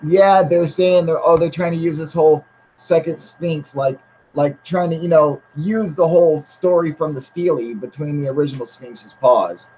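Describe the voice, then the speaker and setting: A man's voice: on the high side, darkish tone. Blunt, foul-mouthed male livestream host. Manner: blunt and heavily profane; rambling with many fillers. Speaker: channel host. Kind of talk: casual livestream chat with viewers. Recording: slightly muffled with faint hiss.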